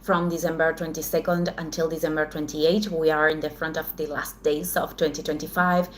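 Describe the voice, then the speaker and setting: A woman who speaks English as a second language gives a weekly astrology forecast, halting and searching for words with frequent restarts. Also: sits low, flat delivery, slight background noise. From Southern Hemisphere. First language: not English. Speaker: astrology channel host.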